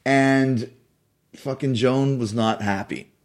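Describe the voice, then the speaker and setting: A man hosting a casual chat, telling an animated story and swearing freely. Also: medium pitch, slow. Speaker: podcast host.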